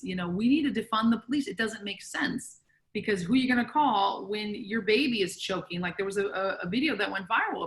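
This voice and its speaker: A woman's voice: mid-range voice, a bit bright, poor audio. An outspoken woman speaking emphatically as a guest in a casual conversation.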